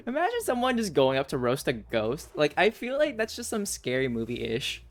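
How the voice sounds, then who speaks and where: A woman's voice: sits low, huge pitch swings, moderate pace, few pauses. A woman guest on a stream who chats casually while gaming, giggly and rambling, with lots of "like" fillers.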